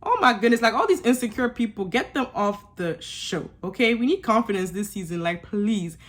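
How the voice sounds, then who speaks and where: A young woman giving a sassy, animated recap of a reality show, with laughing asides. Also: medium pitch, normal speed. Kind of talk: casual recap commentary.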